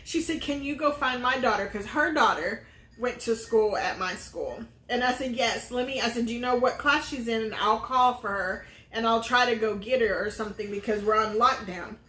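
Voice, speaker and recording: A woman's voice: on the high side, normal speed, pushed and bright. A middle-aged woman, a vlog host, telling a personal story in earnest with many fillers. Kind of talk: casual storytelling chat. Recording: roomy echo.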